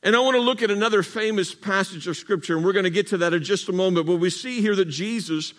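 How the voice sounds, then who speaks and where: Man, high voice, preacher, call-and-response sermon, drawn-out emphatic phrases, church sanctuary. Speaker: pastor.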